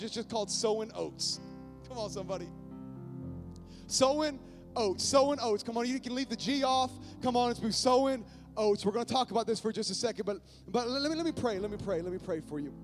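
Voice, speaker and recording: A male pastor preaching a lively sermon to his church, often calling out to the congregation. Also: very high voice. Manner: energetic, calls on the congregation often. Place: church sanctuary.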